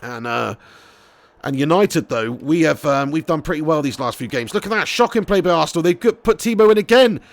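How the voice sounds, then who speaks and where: Excitable, high-voiced man streaming. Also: brisk, gravelly, dry recording. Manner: excitable, swears freely, shouts at goals. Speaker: streamer playing a football career mode. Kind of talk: live gaming commentary and chat reading.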